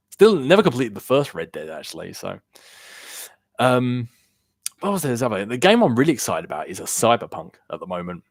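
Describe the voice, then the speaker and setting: A man's voice: fairly low pitch, no echo, studio quality. A young man chatting casually on a gaming live stream, rambling loosely and answering viewer questions from chat. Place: home room. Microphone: worn-out desk microphone.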